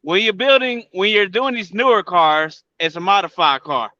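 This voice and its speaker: A man joining a casual car talk who thinks aloud in an animated way. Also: high voice, moderate pace, dry recording, highs cut off. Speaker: panelist. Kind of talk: casual group discussion.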